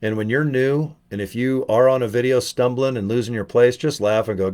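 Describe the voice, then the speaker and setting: In a casual motivational video, a middle-aged man pitches network marketing with a medium-pitched, darkish voice. He talks briskly with few pauses, rambling loosely, swearing often and restarting his sentences.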